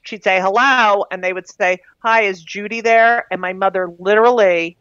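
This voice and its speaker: A woman's voice: mid-range voice, moderate pace, no echo, muffled recording. A woman, an author and guest on a podcast, telling stories in casual chat and swearing freely. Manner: profane, lively storyteller.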